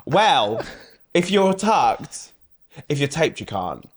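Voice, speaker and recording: A British man chatting as an interview guest, his pitch rising and falling in lively swoops. He laughs easily and keeps slipping into quick impressions of other people. His talk is loose and gossipy. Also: husky. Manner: chatty, animated, laughs often and mimics other voices. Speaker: guest drag performer. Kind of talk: casual interview chat.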